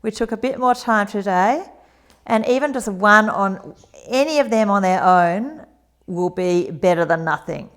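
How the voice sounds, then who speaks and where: A woman in her forties teaching a yoga routine, gentle and encouraging with chatty asides. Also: mid-range voice, lively intonation, a little slow. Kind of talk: guided exercise instruction.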